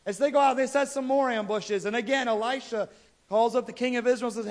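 A man preaching a sermon, retelling scripture in a casual, animated storytelling way. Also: very high voice, fast.

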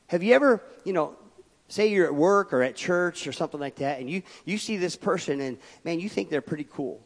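A man, preaching a sermon as pastor, emphatic and swinging between loud declarations and quiet asides. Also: on the high side, animated, fairly quick. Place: church sanctuary. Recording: long reverb of a church hall.

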